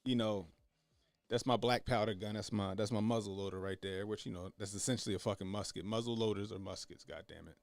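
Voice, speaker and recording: Profane, animated man streaming. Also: on the low side, fairly quick, vocal fry, no room sound. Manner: animated, profane, laughing, reading chat aloud. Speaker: livestream host. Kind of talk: casual livestream chat.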